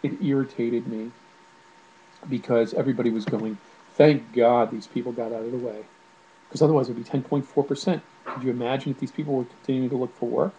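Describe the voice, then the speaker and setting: A man's voice: medium pitch, steady tone, brisk, warm tone, highs cut off, slight background noise. Irritated man ranting to camera. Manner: irritated, ranting, with many fillers and restarts. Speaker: video blogger. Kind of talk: casual spoken commentary to camera.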